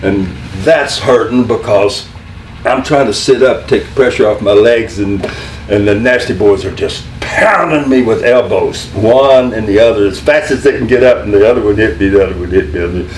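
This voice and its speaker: An older man spins a long, animated story in a roomy, echoing room. He rambles, repeats himself and laughs easily. A faint hum sits under his voice. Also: on the low side, normal speed, recorded from a distance. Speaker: interview guest, former wrestling manager. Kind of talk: storytelling in a career interview. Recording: roomy echo.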